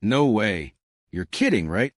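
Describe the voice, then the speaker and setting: A man's voice: on the low side, sing-song, a little slow, no echo, studio quality. A man voicing a flustered, clingy young woman who rambles and pleads defensively. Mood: pleading.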